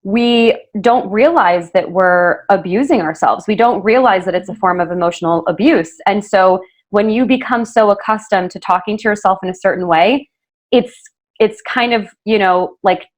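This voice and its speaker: A woman's voice: medium pitch, moderate pace. A woman hosting a podcast interview, talking in an earnest, casual way with many fillers and self-corrections. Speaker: podcast host interviewing a guest.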